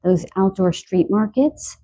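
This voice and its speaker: A woman giving a spoken tarot card reading, a little stuffy from allergies and clearing her throat, talking softly and earnestly with emotion. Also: medium pitch, a little slow. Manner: soft, earnest, emotional about animals.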